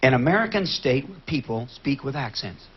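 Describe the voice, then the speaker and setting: A man hosting a TV game show, brisk and joking, repeating answers aloud. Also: medium pitch, big pitch swings, breathy edge. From Kentucky. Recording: dull lo-fi TV studio recording with loud audience.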